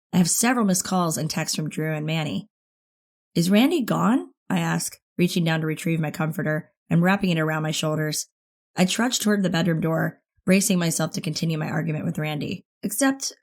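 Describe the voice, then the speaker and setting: A woman narrating a first-person teen thriller audiobook in an expressive, intimate way. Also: deep voice, fairly quick.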